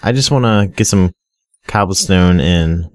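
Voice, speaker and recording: A man's voice: deep voice, a little slow, no room sound, studio quality. A young man giving casual, rambling Minecraft commentary, often stuttering and talking straight to his viewers. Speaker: gaming video creator.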